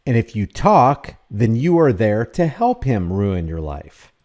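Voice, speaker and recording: A middle-aged man with a mellow, dark voice talks over video clips. His commentary is blunt and emphatic, and he hammers each point home by repeating it. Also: fairly low pitch, very animated, a little slow. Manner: blunt, emphatic, repetitive phrasing. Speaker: commentator reacting to police footage.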